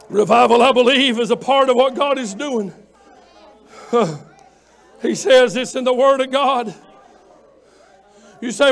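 A man preaching an impassioned revival sermon as pastor, often shouting and calling out members of the congregation by name. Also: very high-pitched, measured pace, gravelly, long pauses, a faint crowd.

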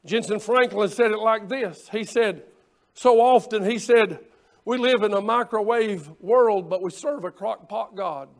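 A man's voice: sits high, measured pace. A male pastor preaching a sermon, quoting scripture in old-fashioned wording and repeating phrases for emphasis.

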